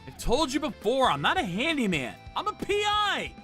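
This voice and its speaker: A woman's voice: high-pitched, huge pitch swings, moderate pace, a bit bright, faint music behind, full character voice. A woman voicing a blunt young female private investigator who teases her friend. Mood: teasing. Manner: brash and teasing.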